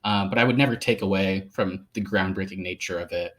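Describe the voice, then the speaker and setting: A man's voice: low-pitched, brisk. A man co-hosting a movie podcast, rambling casually with lots of fillers and laughter. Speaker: podcast co-host. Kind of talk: casual film discussion.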